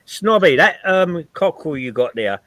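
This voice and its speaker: A man's voice: a little high, normal speed. A man on a live stream chat, heckling and chiming in. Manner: heckling, lively. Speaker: guest. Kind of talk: casual live stream banter.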